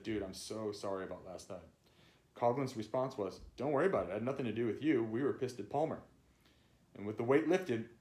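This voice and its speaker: A man's voice: mid-range voice, darkish tone, reverberant. A man reading his own memoir aloud, loose and conversational, with casual asides. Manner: loose, conversational, swears and laughs.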